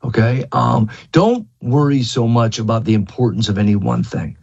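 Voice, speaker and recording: A man's voice: medium pitch, expressive, normal speed, vocal fry, a little mellow, breathy edge. A man giving a casual golf lesson, rambling and repeating himself with many fillers. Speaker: golf instructor. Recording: dull lo-fi recording.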